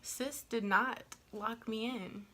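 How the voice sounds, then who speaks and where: Bright-voiced chatty young woman vlogger. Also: a little high, takes it slowly. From Texas. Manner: chatty, animated, lots of "like" and acted-out quotes. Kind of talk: casual storytime.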